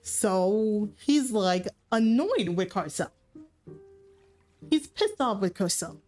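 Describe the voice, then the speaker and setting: Woman streamer, casual recap, rambling, unhurried, faint background music. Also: medium pitch. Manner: animated, rambling, laughing, swears.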